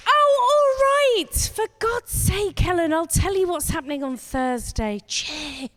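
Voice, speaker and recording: A woman hosting a comedy night, wrapping up the show in a brisk, chatty way and plugging upcoming events. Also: sits high, expressive. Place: comedy venue stage.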